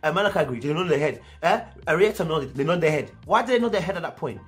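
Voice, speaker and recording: Animated London man riffing on parenting. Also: a little high, fast, soft background music. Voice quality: animated, slangy, acts out parents' voices. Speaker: reviewer of a discussion show. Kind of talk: casual commentary monologue.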